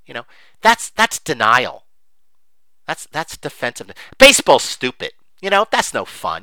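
A man's voice: mid-range voice, wildly swooping pitch, a little slow, bright, forceful tone, no room sound. A middle-aged man giving an unscripted, emphatic monologue on investing, rambling with many fillers. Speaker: investing commentator.

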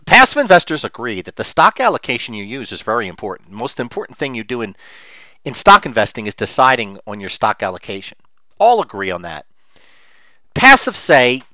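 Bright-voiced rambling podcast host man. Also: medium pitch, no echo. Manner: rambling, digressive, chuckling asides. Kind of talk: solo podcast monologue.

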